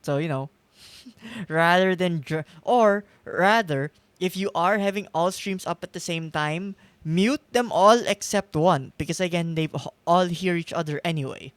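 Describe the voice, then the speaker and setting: Casual male streamer, light higher voice, chatty with laughs, dry close mic. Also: a little slow, fairly bright tone, clear, resonant tone, no echo. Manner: chatty, laughs often, reads text aloud. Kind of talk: casual gameplay commentary.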